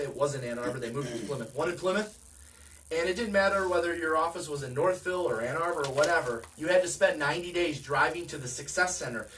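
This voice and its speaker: A man's voice: on the high side, fairly bright tone, far from the mic, a little hiss or hum, low-quality recording. A man giving a direct, conversational sales training talk, often asking his listeners questions. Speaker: real estate sales coach.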